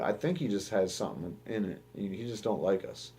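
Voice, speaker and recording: A man's voice: on the low side, normal speed, hardly any pauses, warm tone, a little hiss or hum. A young man from the United States giving rambling, profane news commentary as the host of his own show, often restarting his sentences.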